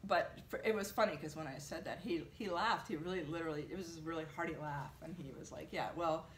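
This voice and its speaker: A woman being interviewed, telling an animated story with lots of fillers. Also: sits low, fast talker, echoey room, slight background noise. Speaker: translator, interviewee. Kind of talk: conversational interview.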